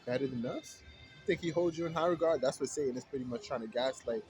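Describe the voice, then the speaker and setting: Man, mid-pitched voice, reads Bible verses then breaks them down in slang, soft music underneath. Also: poor audio. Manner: reads verses slowly, then explains in slangy street talk. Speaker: Bible study host. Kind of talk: reading scripture aloud with casual commentary.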